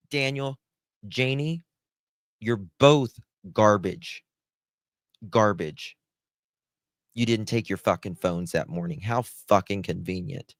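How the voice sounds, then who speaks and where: A man's voice: medium pitch, dry recording, studio quality. A man giving angry, profane, sarcastic commentary on case documents as a true crime host.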